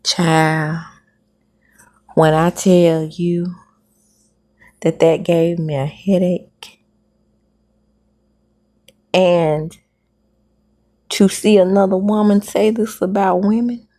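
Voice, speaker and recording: A woman's voice: lowish voice, level tone, extremely slow, long pauses, dark tone. A middle-aged woman hosting a casual celebrity gossip commentary, sassy and emphatic, full of slang asides. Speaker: host of a celebrity gossip show.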